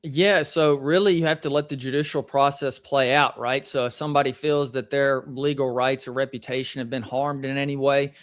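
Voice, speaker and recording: Young southern guy, attorney, explains slow and careful w lots of ums, dry sound. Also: mid-range voice, steady tone, no room sound. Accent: Southern American. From Tennessee, USA. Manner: measured, explanatory, with many fillers. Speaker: attorney guest. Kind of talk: interview answers.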